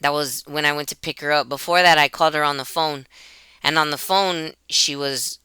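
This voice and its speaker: Woman venting into her webcam, bright crisp voice. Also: deep voice, fairly even intonation, moderate pace, no echo. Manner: emotional, rambling, restarts and repeats herself. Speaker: YouTuber. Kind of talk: personal vlog monologue. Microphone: computer webcam.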